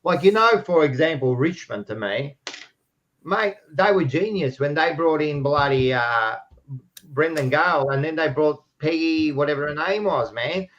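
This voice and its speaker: A blokey Australian man hosts a casual footy chat, loud and swearing freely. The sound is dull and lo-fi. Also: a little high, animated, normal speed. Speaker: host.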